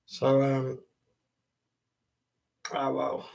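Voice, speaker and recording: A man's voice: medium pitch, completely flat delivery, drawn-out words, creaky, a little mellow. Laid-back joking male streamer. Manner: chatty and jokey, swears casually. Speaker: live streamer. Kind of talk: casual live stream chat.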